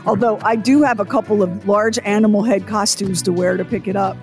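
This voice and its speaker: A woman's voice: medium pitch, fairly even intonation, brisk, darkish tone, faint music behind. A woman co-hosting a radio show, bantering in a playful, teasing way.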